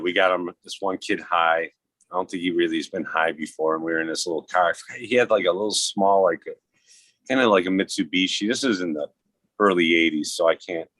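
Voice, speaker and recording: A man's voice: sits low, fairly bright tone, no echo. A man in his fifties telling rambling, profane stories in a casual podcast chat and laughing at his own tales.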